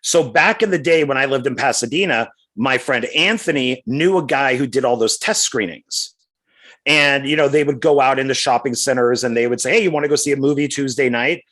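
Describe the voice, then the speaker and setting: A middle-aged man co-hosting a podcast, telling a rambling story in a casual, animated way. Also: medium pitch, normal speed. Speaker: podcast co-host.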